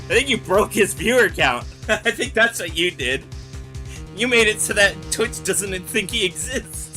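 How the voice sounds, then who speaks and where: A man's voice: sits high, lively intonation, unhurried, bright, forceful tone, soft background music. A young man streaming a video game live, chatting with his viewers, joking, and reading the game's lines aloud. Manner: chatty and jokey, reads game lines aloud, talks to chat.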